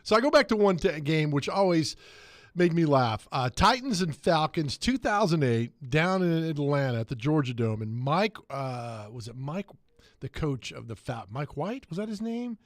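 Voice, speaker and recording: A man hosting sports talk radio, telling animated anecdotes and laughing as he goes. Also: a little high, moderate pace, no echo, clean studio sound. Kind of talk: casual sports talk storytelling.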